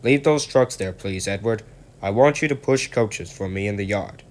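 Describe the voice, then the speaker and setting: A man's voice: on the low side, normal speed, close to an everyday voice. A man voicing a stern, portly male railway boss who speaks in a formal, clipped, commanding way.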